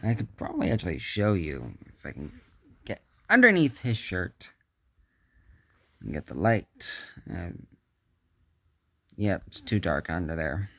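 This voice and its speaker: A man's voice: sits low, huge pitch swings, a little slow, long pauses, sharp tone, no echo. A man giving a casual hands-on action figure review, chatty and muttering asides to himself as he handles the figure.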